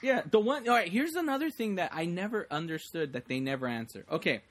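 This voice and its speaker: Rambling man with a high voice. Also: expressive, quick pace, slight background noise. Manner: rambling, acts out lines in quoted voices. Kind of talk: casual chat about a movie.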